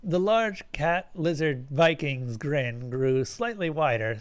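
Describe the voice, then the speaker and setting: Man reading a story live, fairly high voice. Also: very animated, a little slow, few pauses. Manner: reads with slips and self-corrections. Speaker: streamer reading a story aloud.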